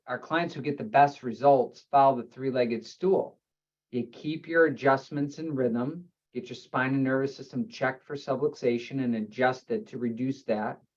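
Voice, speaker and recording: Man explaining spinal health, lo-fi audio. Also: mid-range voice. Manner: explanatory, lists terms in steady runs. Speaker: chiropractor. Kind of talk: health webinar presentation.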